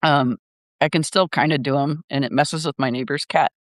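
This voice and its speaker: A man's voice: fairly high pitch, fairly even intonation, moderate pace, a bit bright, dry recording, studio quality. An older man hosting a casual live chat, rambling with lots of fillers and laughter. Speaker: live stream host.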